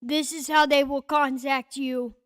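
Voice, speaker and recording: A woman voicing a brash, foul-mouthed, scatterbrained woman who hands out gifts, talking loud and offhand. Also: high-pitched, steady tone, a little slow, dry recording.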